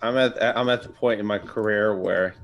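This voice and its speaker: A low-pitched man chatting casually as a player at the table. He often stammers and repeats the first words of a sentence before getting it out. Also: fairly even intonation, normal speed, highs cut off.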